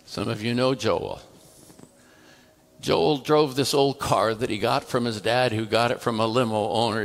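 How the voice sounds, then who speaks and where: A man's voice: on the low side, creaky. A male pastor telling a story in a conversational sermon, acting out the dialogue between the people in it. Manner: conversational, tells a story through quoted dialogue. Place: church.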